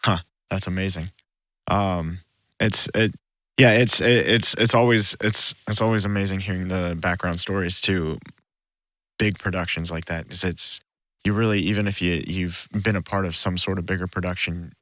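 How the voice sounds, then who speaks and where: A man's voice: sits low, steady tone, normal speed, a bit bright, no echo. A young man hosting a podcast interview, stammering a little and laughing along with his guest. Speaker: podcast host. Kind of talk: casual interview chat.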